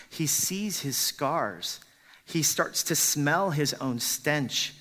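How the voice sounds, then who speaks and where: Pastor guy preaching, punchy and emphatic, bright voice, long echo. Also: mid-range voice. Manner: emphatic, rhetorical questions, acts out quotes. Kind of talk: sermon.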